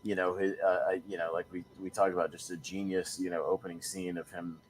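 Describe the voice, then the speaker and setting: A man's voice: low voice, little pitch movement, fast talker, a little hiss or hum. A man hosting a casual movie podcast, rambling with many fillers and frequent laughs. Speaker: podcast host.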